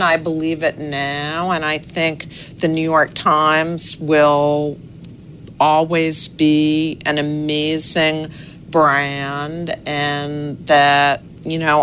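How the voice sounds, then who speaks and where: A middle-aged woman, a newspaper's executive editor, answering interview questions in a measured, thoughtful way with pauses and fillers. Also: low-pitched, fairly bright tone, a little hiss or hum.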